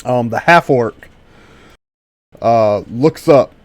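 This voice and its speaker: Man, game master, slow, halting, filler-heavy tabletop narration. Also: mid-range voice, no echo. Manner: halting, many fillers and restarts.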